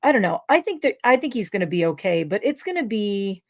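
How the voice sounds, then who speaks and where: Sing-song and brisk, this medium-pitched woman hosts a casual livestream chat. She's a dog trainer who rambles on, leaning heavily on filler words.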